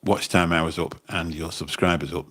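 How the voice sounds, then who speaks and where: His deep voice stays steady and a bit bright at a normal speed. A taxi driver and livestream host, he reads comments in a casual phone chat that rambles and repeats words.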